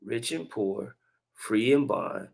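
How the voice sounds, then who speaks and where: A man's voice: lowish voice, expressive, slow pace, vocal fry, husky. A man hosting a religious commentary video, talking in a laid-back, slangy way with laughing asides. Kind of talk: casual commentary.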